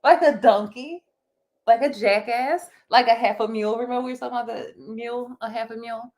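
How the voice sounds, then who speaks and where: A middle-aged woman with a Philadelphia accent co-hosting a casual chat podcast, animated and laughing, acting out little scenes as she talks. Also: on the high side, a little fast. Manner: animated, laughing, acts out quoted exchanges. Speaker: podcast co-host.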